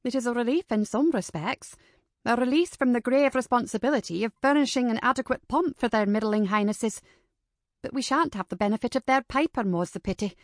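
Brief: woman narrator as steady, good-natured period mother, gently firm. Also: a little high, brisk, no room sound, clean studio sound, lightly acted. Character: calm, good-humoured mother and hostess.

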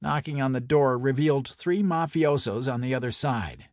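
A man narrating a first-person story in a measured, wry, hard-boiled manner. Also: mid-range voice, lively intonation, darkish tone, no echo, clean studio sound.

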